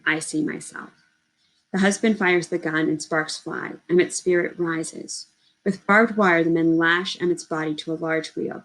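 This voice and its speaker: Woman reading a novel aloud, steady. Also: lowish voice, low-quality recording. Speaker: audiobook reader.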